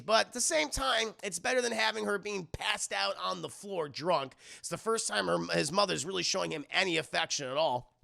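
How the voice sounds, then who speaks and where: Gravelly, bright-voiced guy recapping to chat. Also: high-pitched, a little fast. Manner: rambling, fillers, addresses chat. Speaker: anime reviewer streaming live. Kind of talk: casual recap commentary to live chat.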